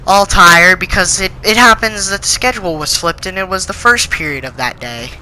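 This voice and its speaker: A man's voice: high voice, normal speed, sharp tone, a little hiss or hum, poor audio. A teenage boy telling a school story in an indignant, rambling way, full of fillers. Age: teens. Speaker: channel host. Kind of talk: storytime rant.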